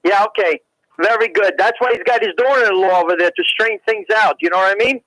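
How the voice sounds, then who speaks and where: A male caller on a talk radio show whose voice sits very high for a man. He teases and needles the host, and his voice sounds dry and close with no room around it. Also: fast, pushed and bright, dry recording, poor audio. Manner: needling, teasing. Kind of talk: call-in radio chat.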